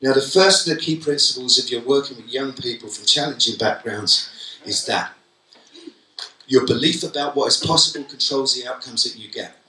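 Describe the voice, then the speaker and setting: Bright-toned Cockney man keynote speaker. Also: mid-range voice, moderate pace, distant mic. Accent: London Cockney. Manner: humorous storyteller, acts out quotes. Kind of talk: conference keynote talk. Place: conference hall. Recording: echoey hall, voice from afar.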